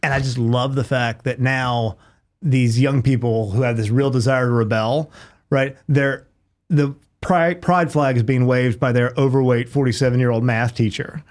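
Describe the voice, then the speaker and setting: A man talking casually as a podcast guest, animated and laughing easily. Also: medium pitch. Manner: animated, quick, laughs often.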